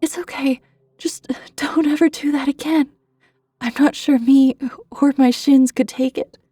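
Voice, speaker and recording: Woman voicing a calm, wry big cop. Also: sits high, unhurried, dry recording, pitched above the performer's own voice. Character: big, kindly male police officer, wry.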